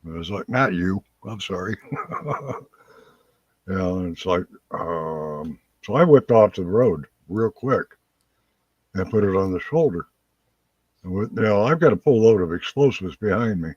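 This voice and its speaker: Husky low-voiced man telling stories. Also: lively intonation, measured pace, pauses often, darkish tone, no room sound. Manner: folksy, laughs through his stories. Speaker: host of a live call-in chat show. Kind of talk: casual storytelling chat. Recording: dull lo-fi sound.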